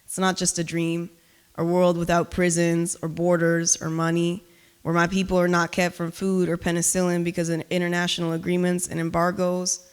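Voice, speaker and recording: Intense woman poet, smooth clear voice. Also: on the low side, monotone, normal speed. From Cuba. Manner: loud, emphatic, intense delivery. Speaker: spoken word poet. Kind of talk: spoken word poetry performance with chatty asides. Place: live reading at an art gallery.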